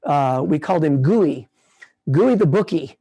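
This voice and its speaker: Mellow-voiced older man, rambling talk. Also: a little high, measured pace, husky. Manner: relaxed, rambling, many restarts. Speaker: puppeteer speaking at a conference. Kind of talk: casual talk and Q&A.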